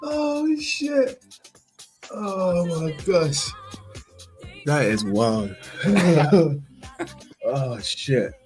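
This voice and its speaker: A man hosting a casual livestream who keeps breaking into laughter and loud exclamations between his remarks. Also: on the high side, sing-song, drawn-out words, pauses often, faint music behind. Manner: calls people "boy". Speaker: stream host.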